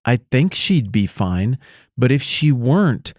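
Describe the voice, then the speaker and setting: A man's voice: medium pitch, very animated, unhurried, a little mellow, no room sound, studio quality. A man co-hosting a podcast, riffing through playful, exaggerated hypotheticals in casual chat. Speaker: podcast co-host.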